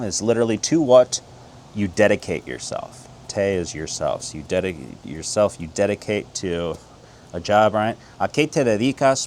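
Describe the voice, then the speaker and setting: A middle-aged American man teaching a casual Spanish lesson, energetic and quick, switching between English and slow Spanish drills. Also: on the low side, slight background noise. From United States.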